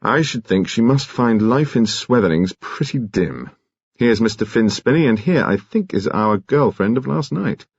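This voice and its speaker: A man's voice: mid-range voice, animated, normal speed, vocal fry, husky, no room sound, dull audio, pitched above the performer's own voice. A man voicing a cool, urbane police detective with a polished, lightly ironic manner. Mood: wry.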